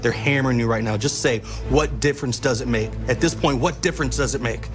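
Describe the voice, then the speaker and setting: A man's voice: mid-range voice, quick pace, natural voice. A man in a comedy skit playing a bossy, impatient handler who coaches a politician through an earpiece. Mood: coaxing. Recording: music underneath.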